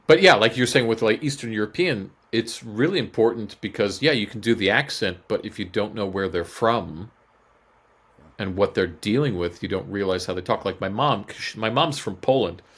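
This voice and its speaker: Lowish-voiced joking male voice actor. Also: normal speed. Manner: animated, jokey, slips into impressions. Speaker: guest voice actor. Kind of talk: casual podcast chat.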